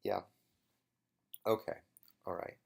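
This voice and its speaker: A man's voice: takes it slowly, darkish tone. A young man giving casual solo commentary on an episode he once competed in, rambling and hesitant with many fillers and restarts.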